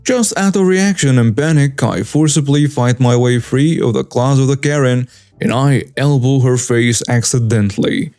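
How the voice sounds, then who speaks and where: A young man narrating a first-person story in an earnest, steady reading tone. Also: medium pitch, moderate pace, clear, resonant tone, no room sound, faint music behind.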